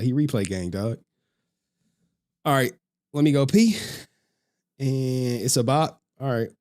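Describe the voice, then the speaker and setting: Slow, laid-back male streamer. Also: mid-range voice, animated, a little mellow. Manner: laid-back, rambling, talks to chat. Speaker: livestream host. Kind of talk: casual livestream chat.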